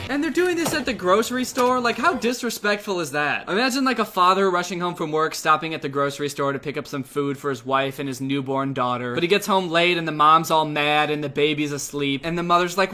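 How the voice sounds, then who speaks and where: A man's voice: fairly high pitch, a little fast, few pauses, sharp tone, faint music behind. A young man doing comedic video commentary, sarcastic and incredulous, with jokey asides. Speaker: commentary youtuber.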